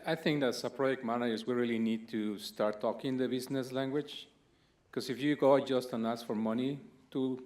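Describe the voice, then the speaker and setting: A man's voice: mid-range voice, darkish tone. A man on a panel, explaining his point earnestly in a conversational way. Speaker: panel speaker.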